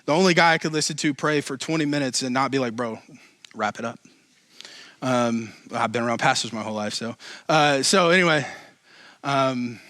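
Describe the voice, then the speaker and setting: A man's voice: mid-range voice, a bit bright, no room sound. A man pastor giving a conversational sermon, mixing joking asides with emphatic preaching.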